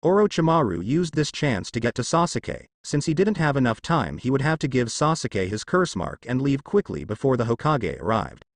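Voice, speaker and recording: A man narrates fan fiction in a steady, even storytelling read and lets his pitch rise and fall with lively movement. The recording is dry and close, with no room around the voice. He keeps the same plain voice for every character he reads. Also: moderate pace, few pauses, no room sound.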